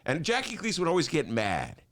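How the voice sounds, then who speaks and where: A man's voice: on the high side, huge pitch swings, brisk. An older man from Chicago hosting a talk show, ranting theatrically and laughing as he talks. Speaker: host.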